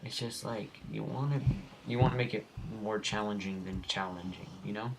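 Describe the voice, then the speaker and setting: Rambling young man with a gravelly voice. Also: fairly low pitch, normal speed. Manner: rambling, goofy, easily sidetracked. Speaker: gaming channel host. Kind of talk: casual gameplay commentary. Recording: home recording with faint background noise.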